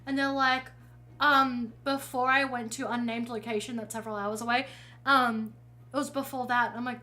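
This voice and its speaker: A woman's voice: high-pitched, moderate pace, sharp tone, poor audio. A woman streaming while painting, telling a rambling story in casual chat and often correcting herself. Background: faint music.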